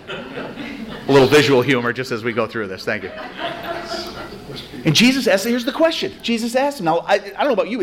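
A man giving a conversational, self-deprecating spiritual talk to a recovery group, telling stories with animated energy. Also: mid-range voice. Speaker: recovery meeting speaker.

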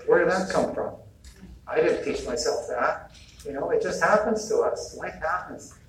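A man's voice: fairly high pitch, normal speed, fairly bright tone, a little hiss or hum. A man giving an informal spiritual talk about healing, conversational and chuckling often, acting out bits of dialogue. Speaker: retreat speaker. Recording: echoey hall mic from a distance, faint ambience.

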